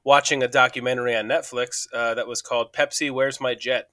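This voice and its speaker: A man co-hosting a podcast, easygoing and quick to joke at his own expense. His voice is bright and forward. The studio mic catches it close and dry, with no room around it. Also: mid-range voice, no echo. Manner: chatty, jokey, self-deprecating. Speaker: podcast co-host. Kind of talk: casual chat. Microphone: studio microphone.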